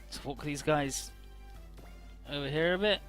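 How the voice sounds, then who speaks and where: A man's voice: on the high side, a little slow, fairly bright tone, soft background music. A man giving casual, profane commentary on a game, paraphrasing the characters in goofy voices. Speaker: let's play commentator.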